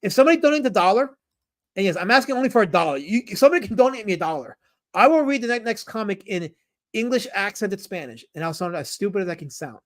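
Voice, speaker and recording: A man live-streaming, reading chat comments aloud and talking about comics in an animated, jokey way. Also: high voice, fast talker.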